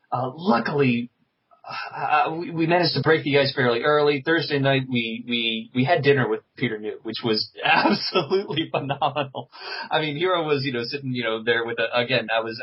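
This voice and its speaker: Halting man, husky muffled voice. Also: medium pitch. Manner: halting, many fillers and repeats. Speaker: podcast guest, convention interviewer. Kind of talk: casual chat.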